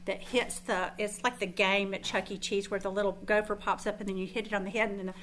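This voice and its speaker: A woman's voice: medium pitch, fairly even intonation, quick pace, fairly bright tone, a little hiss or hum. Chatty woman Bible teacher. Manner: chatty, self-deprecating storytelling with frequent restarts. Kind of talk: informal sermon to a group.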